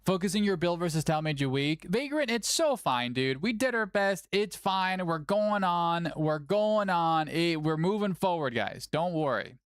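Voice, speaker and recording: Animated, playful stream host, dry mic. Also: medium pitch, moderate pace, hardly any pauses, no echo. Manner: playful, chatty, often cooing at a cat. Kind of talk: casual livestream chat.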